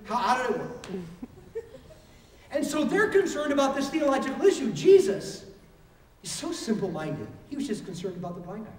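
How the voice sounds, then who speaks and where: Male preacher, animated storyteller who does the voices; high, expressive pitch; distant mic in a reverberant hall with faint background noise. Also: a little fast, pauses often. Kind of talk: sermon storytelling. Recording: roomy hall recorded from a distance.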